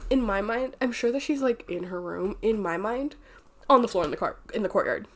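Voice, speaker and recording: A woman's voice: medium pitch, lively intonation, fairly quick. A woman talking casually and candidly as she recaps and reviews a book, rambling a little and swearing freely.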